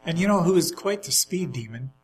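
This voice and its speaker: A man's voice: a little high, lively intonation, brisk, faint music behind, poor audio. A man chatting casually, telling rambling anecdotes with easy laughter. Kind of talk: casual chat, storytelling.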